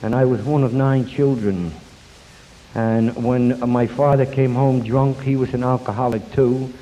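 An older man telling his life story at a recovery meeting, folksy and self-deprecating, pausing and restarting as he goes. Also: mid-range voice, steady tone, dark tone, a little hiss or hum. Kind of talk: personal story talk with jokes. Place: meeting hall before an audience. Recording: dull lo-fi tape, long hall reverb.

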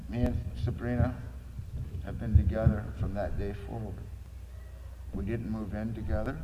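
A man's voice: lowish voice, flat delivery, normal speed, muffled recording, noisy background. Man telling his story in an echoey hall. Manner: earnest storytelling, acts out dialogue. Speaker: recovery meeting speaker. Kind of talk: personal testimony talk.

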